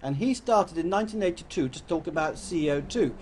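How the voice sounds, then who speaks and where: A man's voice: on the high side, lively intonation, fairly quick, a little mellow, a little hiss or hum. An older man from England gives a rambling, anecdotal talk to an audience, often correcting himself as he goes. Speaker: public speaker.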